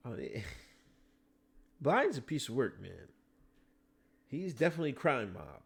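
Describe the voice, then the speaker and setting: Animated man ranting on a livestream. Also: mid-range voice, a little slow, creaky, slightly rough. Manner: profane, animated, talks back to chat. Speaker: livestream host. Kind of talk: casual livestream commentary.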